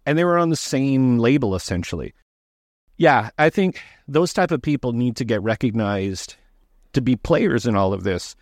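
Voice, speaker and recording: A man, a documentary director, answering interview questions in a casual, halting way, with frequent restarts and fillers. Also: medium pitch, expressive, no echo, clean studio sound.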